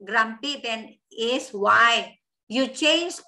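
A woman teacher, slowly spelling out words and often checking that her students understand. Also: sits high, pushed and bright. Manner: switches between English and Thai mid-sentence. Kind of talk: online grammar lesson.

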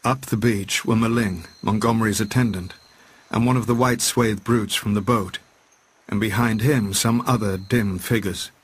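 A man narrating a classic novel as an audiobook, in a steady, measured reading voice. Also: on the low side, breathy edge.

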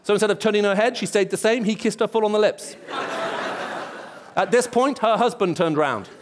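A man's voice: sits high, fairly quick, background noise. A man preaching a sermon in a church, telling stories and acting out bits of dialogue. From England. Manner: storytelling, acts out dialogue and voices.

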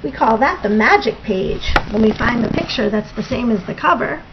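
A woman reading a picture book aloud to a child in an expressive storytelling manner, on a dull lo-fi recording. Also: fairly high pitch, normal speed, background noise.

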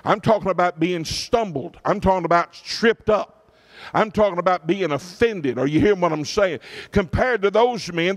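A middle-aged pastor tells a personal story in his sermon, often checking in with his congregation. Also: sits high.

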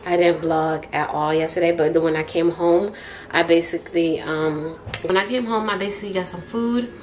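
A woman's voice: on the low side, fairly even intonation, normal speed. A woman vlogger chatting casually to the camera in a laid-back, chatty way, filming on a handheld camera. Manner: laid-back and chatty, talking straight to the viewers. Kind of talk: casual vlog chat to camera. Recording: noticeable background noise.

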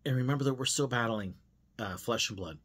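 A man with a husky, slightly breathy voice talks through a devotional reflection. His tone is earnest and self-searching, and he often pauses and restarts as he works through his thoughts. His pitch sits in an ordinary middle range. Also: fairly bright tone. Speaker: host of a devotional podcast.

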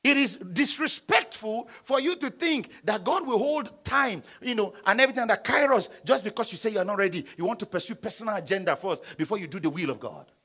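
A man preaching to his congregation in a high, bright voice. His pitch swoops widely as he calls for responses and breaks into shouts, with a slightly husky edge to his tone. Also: lively intonation, brisk, hardly any pauses. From Nigeria. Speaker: pastor. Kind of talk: sermon. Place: church.

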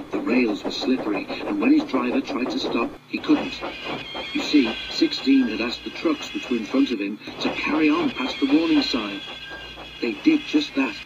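A man narrating a children's storybook in a measured, expressive way. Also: mid-range voice, very noisy. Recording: dull lo-fi audiobook with music.

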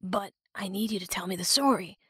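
A woman voicing a calm, protective young male hero in an audiobook, soft and steady. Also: mid-range voice, brisk, slightly rough, no room sound, clean studio sound. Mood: soft, urgent.

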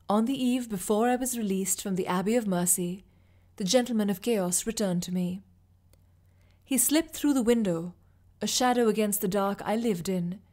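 A woman reads a dark fantasy tale in the first person. Her pitch sits mid-range for a woman. Her delivery is steady and even, with no rush. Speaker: audiobook narrator. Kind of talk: first-person fiction reading.

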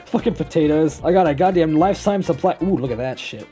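A gameplay commentator talking casually while building in a game, excitable and self-mocking, swearing often and laughing a lot. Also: mid-range voice, brisk, few pauses, faint music behind.

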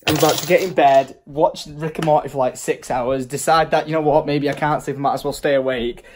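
A man's voice: on the high side, fairly even intonation, brisk, darkish tone, a little hiss or hum. A tired man from England, vlogging in rambling, self-mocking casual chat.

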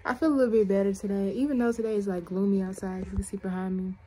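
A woman's voice: mid-range voice, steady tone, fast, warm tone. A young woman in casual vlog chat, talking straight to her viewers in a chatty, filler-heavy way. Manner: chatty, addresses viewers directly, frequent fillers. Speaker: vlogger.

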